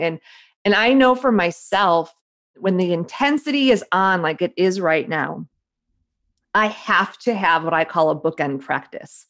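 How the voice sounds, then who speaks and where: A woman in her forties, an author, telling her story in a lively, quick conversational way and acting out the voices she heard. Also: mid-range voice. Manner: animated, quick storyteller who acts out her inner voice. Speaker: author and guest. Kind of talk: conversational interview.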